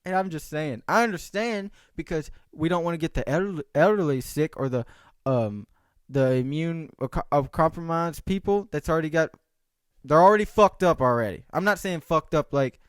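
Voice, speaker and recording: A man's voice: fairly high pitch, normal speed, clean tone, no room sound, clean studio sound. A young man talking in a casual solo podcast monologue, rambling, swearing and joking. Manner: rambling, profane, animated, jokey. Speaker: podcast host.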